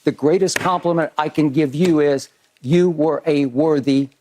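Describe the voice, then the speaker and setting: A man hosting a sports debate show, giving an earnest, measured on-air tribute with emphatic repetition in a TV studio. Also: fairly high pitch, darkish tone, a little hiss or hum.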